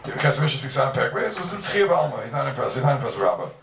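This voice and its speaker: Male Talmud teacher, lively sing-song delivery, gravelly tone, roomy room sound from a distance. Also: medium pitch, racing, slight background noise. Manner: animated, sing-song, stresses key words. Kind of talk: yeshiva-style Talmud lecture. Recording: roomy, from far off.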